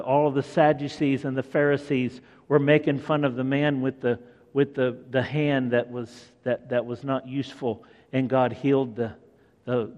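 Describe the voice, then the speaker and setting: A man's voice: mid-range voice, darkish tone, muffled recording. A man preaching a conversational sermon who asks his listeners questions. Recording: long echoing hall reverb.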